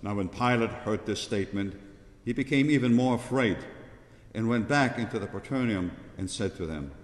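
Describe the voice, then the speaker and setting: Low-voiced man narrating a church reading. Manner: steady, measured reading. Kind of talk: liturgical Passion reading. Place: large church. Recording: echoey church with long reverb.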